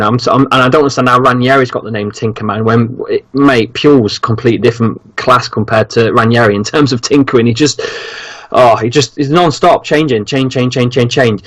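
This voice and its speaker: A man hosts a casual football chat with a middling pitch. He rambles and hesitates, filling gaps with ums and restarting his sentences. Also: fairly bright tone.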